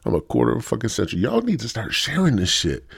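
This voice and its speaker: A man's voice: on the low side, huge pitch swings, quick pace, gravelly, breathy edge, dry recording, studio quality. A man hosting a solo podcast, rambling and swearing with a stoned, sore-throated manner. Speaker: podcast host. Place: home studio.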